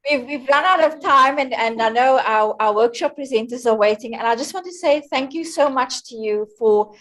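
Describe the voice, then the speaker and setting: A high-voiced woman hosts the session and hurries to close it with apologies. She speaks a little away from the mic. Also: normal speed, fairly bright tone. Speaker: session host.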